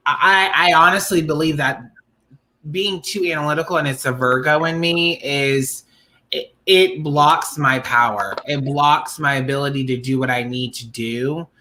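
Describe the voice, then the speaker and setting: Woman co-host, bright tone, animated storyteller, casual and profane. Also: extremely low pitch, a little hiss or hum. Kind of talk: casual chat.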